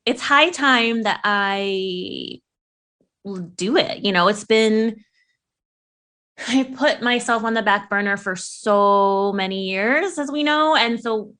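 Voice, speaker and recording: A young woman chats on a podcast in an easygoing, playful way. She laughs often and swears without a second thought. Her voice sits at an ordinary middle pitch. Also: slow, bright, forceful tone. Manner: giggly, swears freely, playful. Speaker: podcast co-host. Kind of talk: casual podcast chat.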